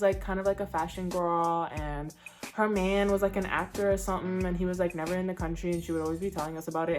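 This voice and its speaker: Blunt slangy young woman vlogger. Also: on the low side. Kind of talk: casual storytime vlog.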